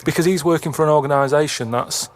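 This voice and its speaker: A man's voice: on the high side, fast talker, background noise. A British man telling a rambling anecdote on a comedy podcast, stalling on restarts and fillers. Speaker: podcast guest storyteller.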